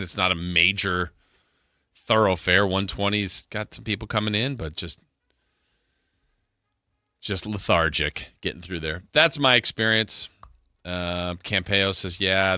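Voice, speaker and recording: A man's voice: deep voice, sharp tone, no room sound. A man hosting a sports radio show, chatting casually and rambling as he thinks aloud into a studio microphone.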